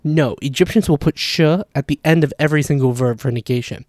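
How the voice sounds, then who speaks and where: A man's voice: fairly high pitch, fairly quick, darkish tone, dry recording, clean studio sound. A man explaining language differences in casual, chatty talk, leaning often on "like" as a filler. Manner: chatty, leans heavily on "like" as filler. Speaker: Arabic dialect explainer.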